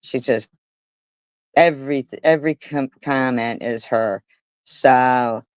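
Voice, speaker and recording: Woman streamer, slow scornful commentary, crude mouth, dry close sound. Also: extremely low pitch, fairly even intonation, darkish tone, no echo, low-quality recording. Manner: profane, mocking, disgusted. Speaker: livestream host. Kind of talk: casual livestream commentary.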